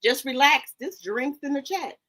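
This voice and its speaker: A woman's voice: high voice, normal speed, bright, forceful tone. A woman hosting a casual livestream, chatting straight to her viewers in the chat. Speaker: livestream host. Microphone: headset or desk microphone.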